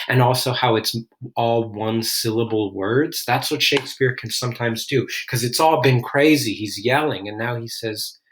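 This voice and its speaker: A man's voice: mid-range voice, a bit bright. A man teaching a classic play line by line, reading the quoted lines dramatically and then explaining them in casual talk full of "like". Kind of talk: line-by-line literature lesson.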